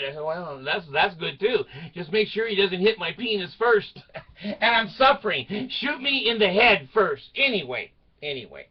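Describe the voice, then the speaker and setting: Older guy rambling a story to his channel, kinda high voice, laughs at his own jokes, dull lo-fi sound. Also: animated, moderate pace, husky. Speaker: video channel host. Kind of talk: rambling personal storytelling to camera.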